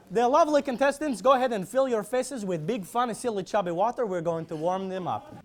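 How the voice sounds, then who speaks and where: A playful, goofy host running a live comedy game show on stage. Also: mid-range voice. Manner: goofy, playful, audience-rousing.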